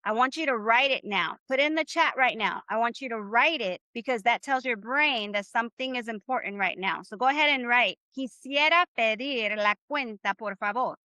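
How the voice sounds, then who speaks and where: A woman's voice: on the high side, moderate pace, hardly any pauses, pushed and bright, no room sound, dull audio. A woman teaching Spanish in a live online class, upbeat and encouraging, leading the class in repeating phrases. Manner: upbeat, encouraging, leads call-and-response drills.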